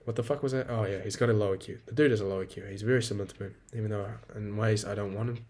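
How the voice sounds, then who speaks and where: Young aussie bloke rambling on his own podcast, lowish voice, swears constantly. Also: steady tone, very fast, darkish tone. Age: 20s. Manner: profane, rambling, venting. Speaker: podcast host. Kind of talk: casual solo podcast monologue.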